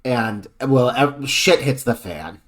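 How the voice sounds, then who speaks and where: A man's voice: mid-range voice, lively intonation, takes it slowly. A man co-hosting a podcast, discussing a film with sarcastic, profane asides. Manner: sarcastic and wry, swears freely. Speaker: podcast co-host.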